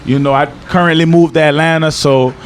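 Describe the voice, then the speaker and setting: A young man with a thick New Orleans accent talks loose and slangy in a casual outdoor interview. His voice sits a bit high for a man, and at times he slides into a low, earnest tone. There is a faint hiss of noise behind him. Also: fairly even intonation, brisk. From New Orleans, Louisiana. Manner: laid-back slangy talk, drops into a low earnest tone. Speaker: interview guest. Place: outdoors in Miami.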